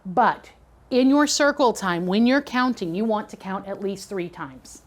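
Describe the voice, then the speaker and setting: An animated, unhurried middle-aged woman with a medium-pitched voice gives a chatty lecture to train preschool teachers. She talks conversationally and keeps asking her audience "okay?" or "right?"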